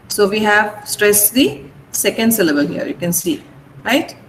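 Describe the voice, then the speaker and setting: A woman with an Indian English accent who teaches pronunciation in an online class, slowly repeating words and stressing syllables. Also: mid-range voice, expressive, a bit bright. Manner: slow, deliberate, repeats words for pronunciation drills. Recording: echoey room with faint noise.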